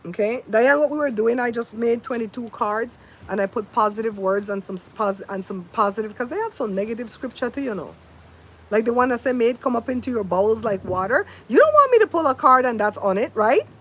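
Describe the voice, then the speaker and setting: A woman's voice: a little high, animated, brisk, fairly bright tone, husky. An older woman, a grandmother, hosting a casual livestream outdoors, telling stories and mimicking sounds as she chats to viewers by name. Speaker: livestream host. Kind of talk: casual livestream chat and storytelling. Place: outdoors in wind. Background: faint wind noise.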